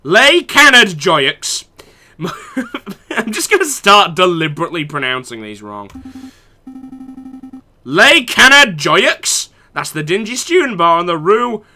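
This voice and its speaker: A man's voice: sits high, very animated, a little slow, pushed and bright, faint music behind. A young man in university playing a video game, reading the dialogue aloud and mocking the characters with sarcastic, profane remarks. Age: young adult. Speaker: let's play gamer.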